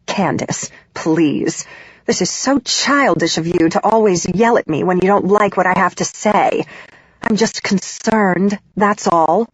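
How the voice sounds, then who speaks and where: A woman's voice: lowish voice, measured pace, husky, no echo, muffled recording. A woman voicing a critical, controlling middle-aged mother in an audiobook, with a cold, reproachful manner. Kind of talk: audiobook character voice.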